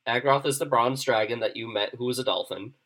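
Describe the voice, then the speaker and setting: A man narrating as game master in a relaxed, loose way with many fillers. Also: medium pitch, a little fast.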